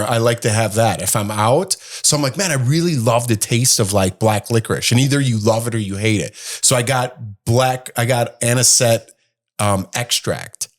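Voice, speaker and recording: A middle-aged man co-hosting a podcast, telling stories in an animated, grumbling, exaggerated way. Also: medium pitch. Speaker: podcast co-host. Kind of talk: casual chat.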